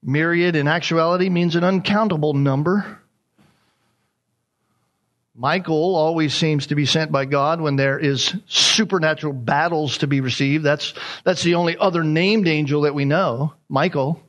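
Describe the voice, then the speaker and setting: A man's voice: a little high, normal speed, a bit bright. A man preaching a sermon as a pastor, emphatic and repeating his key points.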